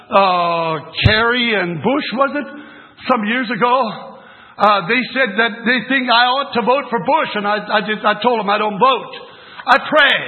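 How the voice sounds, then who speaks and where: An older man preaching a sermon at a religious meeting, telling folksy, rambling stories with many restarts. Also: high voice. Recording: tinny phone-like sermon recording.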